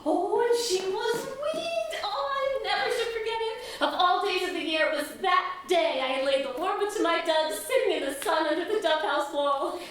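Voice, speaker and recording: Woman doing a rambling, giggling old nurse, high voice, distant echoey stage, faint noise. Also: expressive, normal speed, hardly any pauses, a bit bright. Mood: fond rambling. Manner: rambling, laughing often. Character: chattering old female nurse, bawdy and fond. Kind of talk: stage play. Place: theater stage. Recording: echoey stage miked from far off.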